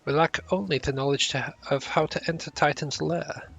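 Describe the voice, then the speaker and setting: A man's voice: a little high, steady tone, moderate pace, creaky, a bit bright, slightly rough, soft background music, heavily acted. A man voicing an earnest, formal young male scholar in a game, stumbling over some of the words.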